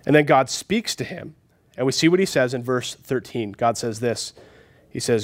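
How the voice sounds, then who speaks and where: A man in his thirties, a pastor, preaching a sermon, acting out voices in quotes and dropping into soft whispers for emphasis. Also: mid-range voice, fairly quick. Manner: animated, acts out voices in quotes.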